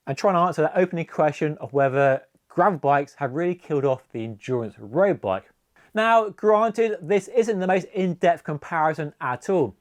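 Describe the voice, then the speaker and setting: Cycling reviewer, male, raised pitch, dry close sound, measured talk. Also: no room sound. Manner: measured, conversational product comparison. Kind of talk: bike review vlog.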